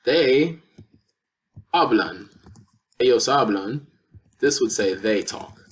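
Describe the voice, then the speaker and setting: A man's voice: mid-range voice, lively intonation, slow. A man teaching a lesson, explaining step by step with patient repeated examples. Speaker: Spanish teacher. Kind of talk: lesson explaining verb conjugation.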